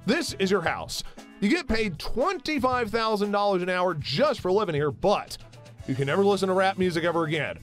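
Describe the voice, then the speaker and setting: A young man with a high, bouncy voice cracks jokes over memes, leaping up and down in pitch as he goes. His delivery is playful and animated, and he keeps dropping into silly voices. Faint music plays underneath. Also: normal speed. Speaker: meme commentary host. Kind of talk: casual meme commentary.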